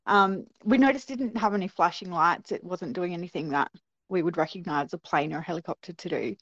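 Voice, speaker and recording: A young woman, an interview guest, recounting a personal experience in an animated storytelling manner. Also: lowish voice, fairly quick, no echo. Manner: animated storytelling with childlike quoted voices. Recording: dry, dull lo-fi sound.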